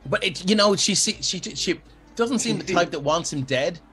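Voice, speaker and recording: A game master running a tabletop game with a lively voice that rises and falls a lot. They talk in loose, rambling runs and restart their sentences often. Faint music plays in the background. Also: medium pitch, moderate pace.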